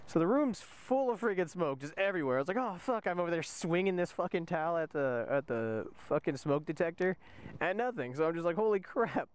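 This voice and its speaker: A man's voice: on the high side, lively intonation, moderate pace, clean tone. A young man, a soldier, casually telling a rambling, profane story from inside a vehicle, laughing often. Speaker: soldier vlogger.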